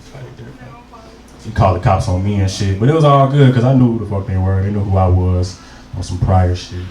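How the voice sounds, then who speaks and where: A man's voice: low-pitched, steady tone, fast, very noisy. A young adult man doing a profane, loose stand-up set, telling stories and working the crowd. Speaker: stand-up comedian. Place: comedy club stage. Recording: roomy live club sound from a distance with crowd.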